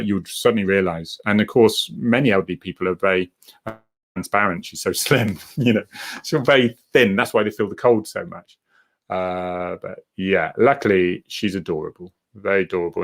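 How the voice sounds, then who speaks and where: Gravelly-voiced man, rambling chat. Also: fairly bright tone. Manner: rambling and chatty, reading out viewer comments; acts out quoted people with jumps in pitch. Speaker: live chat host. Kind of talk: casual live-stream chat.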